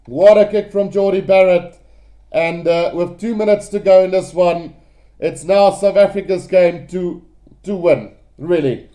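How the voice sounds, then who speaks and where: A man giving live play-by-play rugby commentary, excitable and addressing his viewers directly. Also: high-pitched, measured pace.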